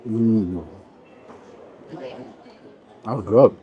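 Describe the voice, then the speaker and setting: A man's voice: fairly low pitch, very slow, lo-fi sound. A middle-aged man in a casual food-tasting vlog, chatting and rambling between bites in an indoor buffet restaurant. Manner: chatty, rambling, trails off mid-sentence while eating. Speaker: vlogger reviewing a buffet.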